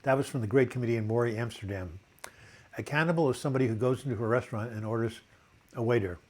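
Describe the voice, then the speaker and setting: Older man, dry cough, casual live chat host, mid-pitched voice, chatty, corny jokes. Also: quick pace, darkish tone. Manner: chatty, tells corny jokes, reads comments aloud. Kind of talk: casual live-stream chat reading viewer comments.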